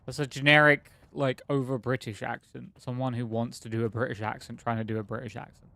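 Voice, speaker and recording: A male game streamer giving casual commentary while he plays. He thinks out loud, rambles, and stops often on fillers and half-finished thoughts. His voice sits in an ordinary middle register. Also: mid-range voice, little pitch movement, brisk, creaky, dry recording.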